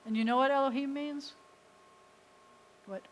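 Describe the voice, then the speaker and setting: A woman's voice: high voice, fairly even intonation, a little slow, a little hiss or hum, poor audio. A woman rabbi teaching a beginners' Hebrew class, patiently explaining step by step and sounding out letters. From United States. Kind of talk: live class instruction. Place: synagogue classroom.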